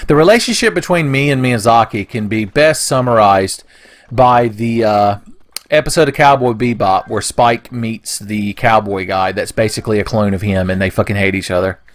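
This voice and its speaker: A man's voice: on the low side, moderate pace. Rambling, profane young gamer man. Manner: rambling, profane, goofy rants. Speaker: gaming commentator. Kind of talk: let's play commentary.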